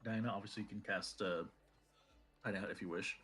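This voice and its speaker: A man's voice: lowish voice, steady tone, fairly quick, fairly bright tone, slightly rough. A man narrating as game master of a tabletop game, talking hesitantly with many fillers.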